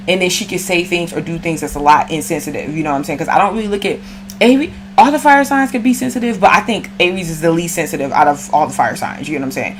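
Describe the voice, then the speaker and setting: A woman's voice: lowish voice, fast talker, slight background noise. A woman giving a casual, slangy astrology reading and talking straight to the viewer. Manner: slangy, chatty, addresses viewer directly. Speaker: astrology reader.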